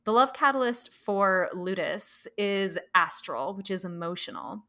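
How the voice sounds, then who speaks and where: A woman co-hosting a podcast, reading prepared notes in a measured way, then chatting casually. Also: mid-range voice, sharp tone. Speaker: podcast co-host.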